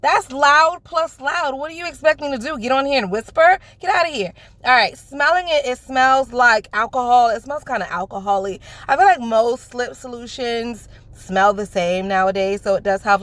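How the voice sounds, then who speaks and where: A woman from the Bronx, loudly and gushingly unboxing a nail kit in a sing-songy voice. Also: a little high, no echo. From the Bronx, New York. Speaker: nail beauty vlogger. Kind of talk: excited product unboxing.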